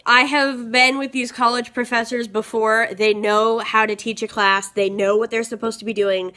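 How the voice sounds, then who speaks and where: Earnest young woman vlogging, bright voice. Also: on the high side, flat delivery, moderate pace. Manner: earnest, rambling, with fillers and restarts; stressed and frustrated venting. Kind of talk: confessional vlog talk.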